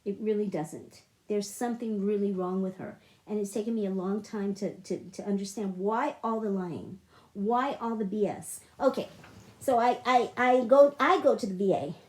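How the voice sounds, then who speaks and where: A woman's voice: mid-range voice, normal speed, a little mellow. A middle-aged woman telling a personal story in a monologue, emotional and repetitive, with frequent restarts. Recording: echoey room.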